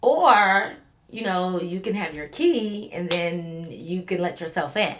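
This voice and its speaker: Woman vlogger, lower voice, animated and profane storyteller. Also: slow pace, slight background noise. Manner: animated, profane, speaking straight to viewers. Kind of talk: storytime vlog.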